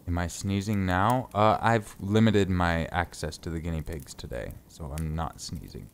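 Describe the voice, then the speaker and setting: Deep-voiced laid-back male streamer. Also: moderate pace. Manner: laid-back, joking, swears casually. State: stuffy from sinus trouble. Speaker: live streamer. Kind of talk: casual stream chat. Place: closet at home.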